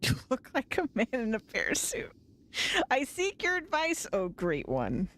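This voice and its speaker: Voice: high-pitched, wildly swooping pitch, measured pace, fairly bright tone. A streamer chatting casually while playing a fantasy game live, teasing the characters. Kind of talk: casual gameplay livestream.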